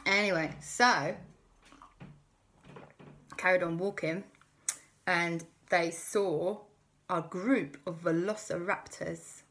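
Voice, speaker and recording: A woman's voice: fairly low pitch, slow, long pauses. A woman host telling a playful, improvised children's story. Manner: playful, lively, many character voices.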